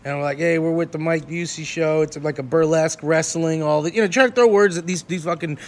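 A man telling crude, animated road stories in casual chat, laughing as he goes. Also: on the high side, fast talker. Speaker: touring performer. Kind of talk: raunchy casual storytelling.

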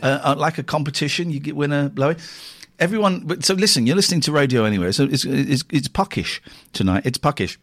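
A man hosts a live radio show in loose, casual chat. His pitch moves a lot, and he rambles and jokes, jumping from excited bursts to low mutters. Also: fast talker, soft background music. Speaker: radio host.

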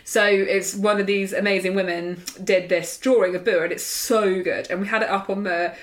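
A woman co-hosting a casual podcast chat. She tells a lively story, laughs as she goes and imitates her friends. Her voice sits at an everyday middle pitch. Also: moderate pace. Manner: lively anecdotal, laughs mid-sentence, mimics friends. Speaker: podcast co-host.

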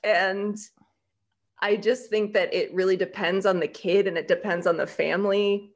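A woman co-hosting a podcast in casual chat, telling stories in an animated way with many "like" fillers. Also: mid-range voice, moderate pace. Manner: animated, storytelling, frequent "like" fillers. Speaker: podcast writer and co-host.

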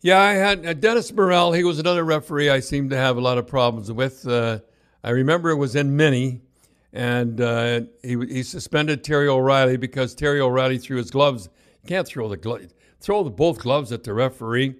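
A man's voice: mid-range voice, fairly quick. An older man, a former hockey coach, telling rambling stories in casual chat, full of restarts and acted-out quotes. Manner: rambling anecdotes, lively, many restarts and quoted voices.

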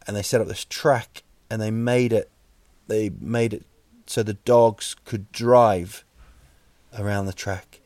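A man with a New Zealand accent hosting a solo podcast, rambling deadpan jokes with many fillers and restarts. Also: lowish voice, no room sound. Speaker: podcast host. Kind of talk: solo comedic podcast monologue.

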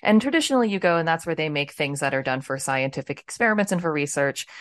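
A woman's voice: low voice, lively intonation, quick pace. A woman hosting a casual podcast interview, chatting in a rambling way full of fillers. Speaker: podcast host.

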